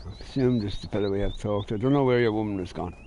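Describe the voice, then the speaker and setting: A man's voice: fairly low pitch, very fast, dark tone, slight background noise. A man giving casual let's-play commentary, grumbling and swearing under his breath as he plays. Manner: grumbling, swearing, muttered asides. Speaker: gamer.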